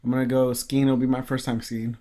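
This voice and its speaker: Male podcast co-host, casual chat, halting and filler-heavy delivery. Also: mid-range voice, little pitch movement, dark tone. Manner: rambling, lots of ums and uhs.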